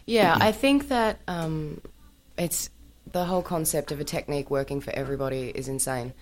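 A woman talking as a guest on a radio show, animated, opinionated and playful. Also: low voice, normal speed, slight background noise. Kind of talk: casual radio talk.

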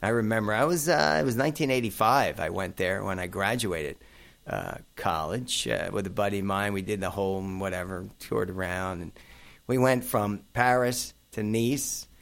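A man's voice: fairly low pitch, moderate pace, creaky, fairly bright tone. A middle-aged man hosting a casual chat, rambling through memories with plenty of fillers and asides. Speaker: host.

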